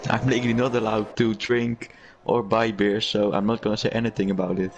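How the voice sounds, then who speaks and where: A man co-commentating a racing league live, hesitant and full of filler pauses. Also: on the low side, flat delivery, dull audio, slight background noise.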